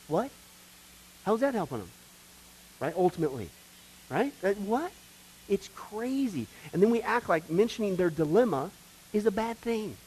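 A man with a high, light voice delivers a sermon and teaches from a study guide. He presses hard and loud when he warns, then drops to a quiet, intense hush. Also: low-quality recording. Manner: emphatic, swings between loud urgency and hushed intensity. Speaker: preacher teaching a class.

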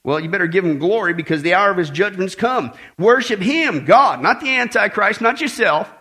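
A man preaching a sermon to a congregation, emphatic and animated, with joking asides and repeated warnings. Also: high voice, normal speed.

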